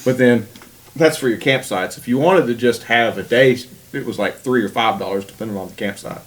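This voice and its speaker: Casting: cohost, mid pitch, halting and filler-heavy. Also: male voice, rough recording. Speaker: podcast cohost. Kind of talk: casual chat.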